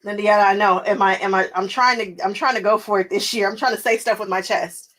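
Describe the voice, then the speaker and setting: A woman's voice: mid-range voice, brisk, a bit bright, low-quality recording. A young woman hosting her quilting channel, chatting casually with viewers while she works, often laughing and answering them by name. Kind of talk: casual chat while crafting.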